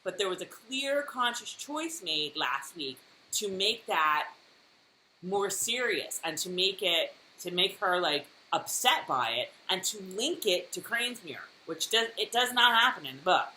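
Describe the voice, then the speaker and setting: A woman co-hosting a casual TV recap podcast, talking in an animated way and acting out characters' lines with laughter. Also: medium pitch, measured pace. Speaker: podcast co-host. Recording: roomy echo, faint noise.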